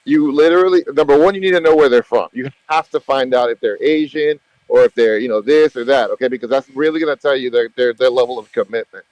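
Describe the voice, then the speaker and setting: A man's voice: medium pitch, quick pace, hardly any pauses, darkish tone, no room sound, dull audio. Emphatic, rambling man in voice chat. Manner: emphatic, rambling, repeats himself, swears freely. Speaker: gaming channel host. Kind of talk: casual group voice chat about a mobile strategy game.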